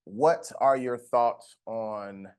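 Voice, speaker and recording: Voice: medium pitch, drawn-out words, clean tone. A podcast host introducing the topic and joking with the guests. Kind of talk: casual podcast hosting.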